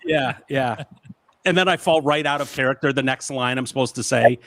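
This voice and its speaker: A man's voice: medium pitch, brisk, creaky, crowd noise. A man hosting a podcast, chatting casually in an amused, self-mocking way. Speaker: podcast host. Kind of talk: casual chat.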